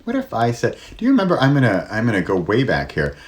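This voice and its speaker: A middle-aged man hosting his own solo talk, shifting his pace and loudness and dropping to near whispers to show how pauses work. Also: mid-range voice, wildly swooping pitch. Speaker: host.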